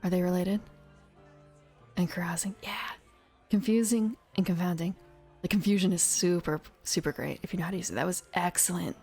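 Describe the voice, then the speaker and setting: Woman whispering rules asmr style, airy voice, thinks out loud, soft music under it. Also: on the low side, brisk, slightly rough. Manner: soft, musing asides between rule text. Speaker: ASMR reader. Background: faint ambient music.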